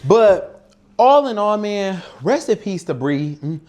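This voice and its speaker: A man's voice: high-pitched, very animated, takes it slowly, a little mellow, slight background noise. A man from Detroit hosting a casual cooking show, talking bluntly and swearing a lot, muttering to himself at the stove. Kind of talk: casual talk while cooking. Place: home kitchen.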